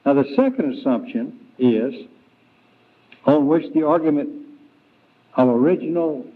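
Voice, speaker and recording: Preacher, male, slightly high voice, very slow, halting delivery; thin phone-like 1990s tape. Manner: slow, deliberate, with frequent fillers and restarts. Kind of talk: Bible lesson sermon.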